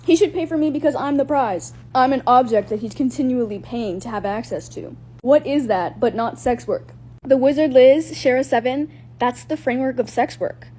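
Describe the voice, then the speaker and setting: A woman's voice: high voice, moderate pace, warm tone, husky. A woman giving assertive, lecturing commentary in a social media video.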